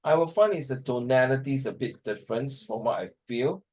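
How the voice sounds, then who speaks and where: A man's voice: mid-range voice, lively intonation, a little fast, a little mellow, rough recording. Man teaching on a video call, tired, rambly and hesitant, switches into mandarin here and there. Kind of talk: online class discussion.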